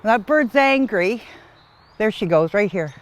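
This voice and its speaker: Faint music plays behind a sixty-something pig sanctuary owner as she talks a little slowly in a medium-pitched, animated voice. Filmed outdoors on a farm for a documentary, she speaks casually with soft, heartfelt emotion.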